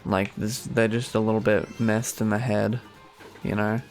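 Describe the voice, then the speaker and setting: A man's voice: fairly low pitch, flat delivery, unhurried, faint music behind. A young Australian man streaming a game, rambling sarcastically with many fillers. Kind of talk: casual gaming commentary.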